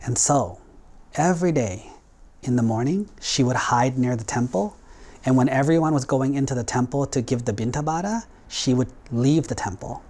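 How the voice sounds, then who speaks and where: A man's voice: mid-range voice, moderate pace, a little mellow. A male Buddhist monk telling a story in a sermon, in a casual, conversational way with acted-out quotes.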